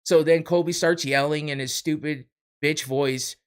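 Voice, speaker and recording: A man's voice: a little high, steady tone, measured pace, smooth. A man hosting a podcast, ranting in a heated, profane way. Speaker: podcast host. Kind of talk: casual podcast rant.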